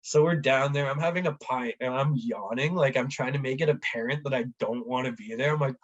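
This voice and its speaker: A man tells a story in a relaxed, casual chat. He is animated and puts on the voices of the people in it, dropping "like" all the time. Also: medium pitch, brisk, dull audio. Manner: animated, acts out quoted voices, says "like" often. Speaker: podcast guest.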